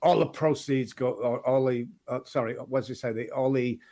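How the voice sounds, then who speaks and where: Man, middle-aged, Manchester accent, animated storyteller, interview guest. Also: mid-range voice, moderate pace. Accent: Manchester English. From England. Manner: animated storyteller, acts out quoted voices. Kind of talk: casual interview chat.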